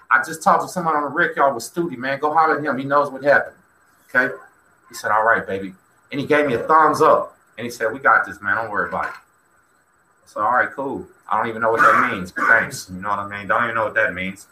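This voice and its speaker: A man from Texas hosting a casual show, telling a story in an animated way and acting out the quoted dialogue. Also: medium pitch, fast. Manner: animated, acts out quoted dialogue, talks to chat. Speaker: host. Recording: echoey room with faint noise.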